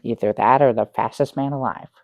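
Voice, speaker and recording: An actor playing a bumbling middle-aged guest who rambles through a tall tale with many restarts, in improvised sketch comedy. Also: male voice, medium pitch, fairly even intonation, a little fast, a little mellow, no room sound, studio quality, lightly acted. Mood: dry, halting. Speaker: guest on a comedy talk show.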